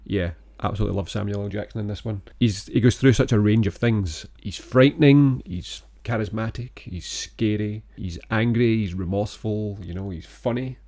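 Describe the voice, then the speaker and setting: A man co-hosting a podcast, chatting about a film in a relaxed, rambling, enthusiastic way. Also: on the low side, normal speed, hardly any pauses. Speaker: podcast co-host. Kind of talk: casual film-review chat.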